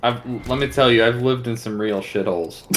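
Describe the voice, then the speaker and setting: A man's voice: mid-range voice, very noisy. A man with a General American accent co-hosting a game stream, chatting casually in a dry, opinionated way. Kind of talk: casual chat.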